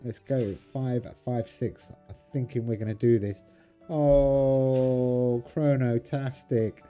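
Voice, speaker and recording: A man's voice: medium pitch, fairly even intonation, measured pace, dark tone, soft background music. A man hosting a game channel, chatting casually to viewers as he plays a card game. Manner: chatty, talks to viewers while playing cards. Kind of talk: casual gameplay commentary.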